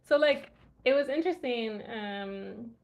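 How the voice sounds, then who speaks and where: A woman's voice: on the high side, measured pace, vocal fry, highs cut off. A woman language vlogger chatting casually, musing aloud and laughing often as she recalls words. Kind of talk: casual livestream chat.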